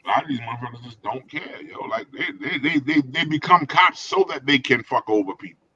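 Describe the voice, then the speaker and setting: A man's voice: mid-range voice, brisk, bright, forceful tone, muffled recording. A man on a casual podcast, making emphatic, profane points about policing. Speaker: podcast co-host. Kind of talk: casual chat.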